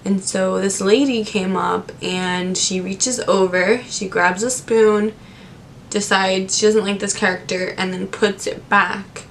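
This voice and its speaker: A young woman talks straight to camera, retelling stories from her service jobs in a loose, chatty way. Her voice sits at an ordinary middle pitch. A faint rumble runs underneath. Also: takes it slowly, creaky. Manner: chatty, animated retelling with many fillers. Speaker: vlogger. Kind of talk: casual storytelling to camera.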